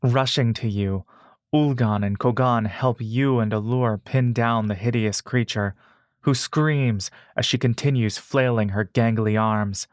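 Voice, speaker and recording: A man narrating a fantasy adventure story in the second person, in a measured, steady way. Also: mid-range voice, dry recording, clean studio sound.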